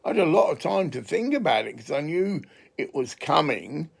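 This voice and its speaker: A man's voice: a little high, big pitch swings, normal speed, gravelly, slightly rough. An English man talking in a casual, rambling monologue, chatty and digressive, swearing freely.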